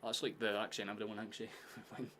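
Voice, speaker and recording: A Scottish man from near Glasgow streaming a football watchalong, chatting casually, swearing freely and shouting out at chances. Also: on the low side, completely flat delivery, brisk, slight background noise. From Scotland, near Glasgow. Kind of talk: casual live-stream chat and match commentary.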